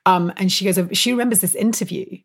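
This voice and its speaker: A woman historian talking as an interview guest, telling stories in an animated, emphatic way full of fillers and quick self-corrections. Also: vocal fry. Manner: animated, emphatic storyteller with frequent rises in pitch and loudness. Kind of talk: conversational interview storytelling.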